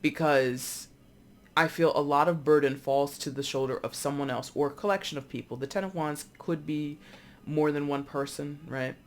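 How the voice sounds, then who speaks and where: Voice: mid-range voice, normal speed, a little hiss or hum. A tarot reader giving a casual, rambling reading with many asides. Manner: chatty, rambling, animated with frequent asides.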